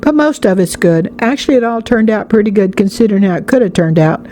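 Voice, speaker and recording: A woman's voice: medium pitch, fast talker, dark tone, pitched above the performer's own voice, close to an everyday voice. A woman voicing an easygoing schoolboy who speaks casually and offhandedly. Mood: offhand. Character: easygoing schoolboy, older brother.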